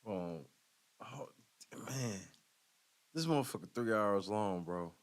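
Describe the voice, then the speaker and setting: A man's voice: fairly low pitch, expressive, takes it slowly. A man hosting a show, reacting to video clips in casual, profane commentary and laughing often. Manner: profane, laughing, talking back to the clip.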